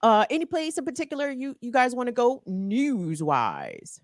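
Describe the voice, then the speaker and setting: A woman's voice: fairly high pitch, very animated, moderate pace, no echo, clean studio sound. A woman with a Baltimore accent hosting a morning talk show, chatting playfully and laughing often. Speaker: host. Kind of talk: casual talk show chat.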